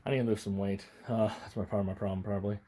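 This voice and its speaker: A man's voice: lowish voice, steady tone, racing, dark tone. A young man casually reviewing a toy on camera, out of breath and rambling, stammering and apologizing as he goes. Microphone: camera mic, handling toys on camera.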